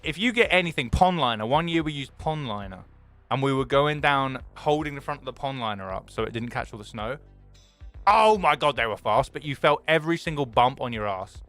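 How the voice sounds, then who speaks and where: Excitable British streamer, swearing freely. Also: male voice, medium pitch, fairly quick, soft background music. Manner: excitable, swears freely, swings from loud enthusiasm to mock gloom. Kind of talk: casual stream chat.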